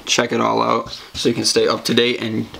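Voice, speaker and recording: A man's voice: medium pitch, completely flat delivery, brisk, vocal fry, sharp tone, a little hiss or hum. A young man co-hosting a podcast, telling a story in loose casual chat with many fillers and laughs. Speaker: podcast co-host.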